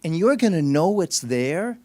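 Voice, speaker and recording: A man's voice: on the high side, big pitch swings, unhurried, darkish tone, no room sound. Man, middle-aged, clinician giving an educational talk, conversational storyteller, frequent restarts, dry close sound. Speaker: speech-language clinician. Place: medical center auditorium.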